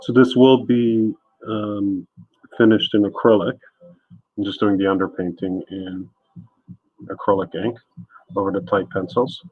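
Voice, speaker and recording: A man's voice: lowish voice, little pitch movement, measured pace, long pauses, narrow, tinny audio. A man live-streaming his art, chatting casually and joking with his chat as he works. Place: home art studio.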